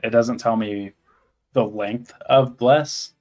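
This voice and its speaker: Guy at a tabletop game, unsure, asking rules questions, mid pitch. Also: steady tone, slow pace, darkish tone. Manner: hesitant, asks about rules. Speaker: player.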